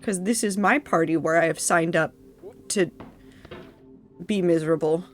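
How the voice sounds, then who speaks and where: A woman's voice: fairly low pitch, normal speed, faint music behind. A woman streaming a game and chatting with her viewers, emotional and laughing through tears. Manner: emotional, tearful and laughing, talks to chat. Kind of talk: casual live-stream commentary.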